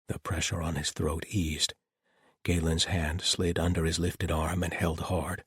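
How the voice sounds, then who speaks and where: Low, husky male narrator reading fantasy, dry close mic, steady delivery. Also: unhurried, no room sound. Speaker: audiobook narrator. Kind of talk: scripted audiobook narration.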